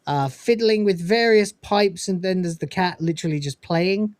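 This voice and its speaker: A man's voice: high voice, normal speed, no room sound. A man hosting a casual review show, retelling scenes and acting out the characters' lines. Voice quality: animated storyteller, acting out quoted lines. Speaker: podcast host reviewing episodes. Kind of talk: casual recap chat.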